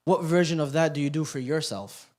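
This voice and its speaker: A man giving a youth sermon, joking and animated while telling the story, then quiet and earnest as he drives the lesson home. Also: a little high, a little fast. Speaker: youth halaqa speaker. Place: youth center hall.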